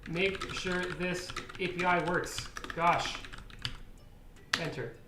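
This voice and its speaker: A man with a high voice codes on a live stream, speaking a little slowly with fairly level intonation, thinking aloud, muttering, and occasionally bursting out in exasperation. He's in a room at a computer with keyboard clicks and background music. The audio is echoey with faint noise.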